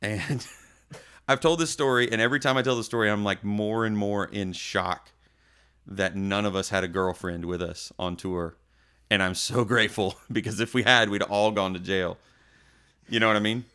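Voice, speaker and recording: A man, a podcast guest, telling a tour story in a casual, animated way and acting out the voices in it. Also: fairly low pitch, moderate pace, clear, resonant tone. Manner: animated, acts out voices in his tale.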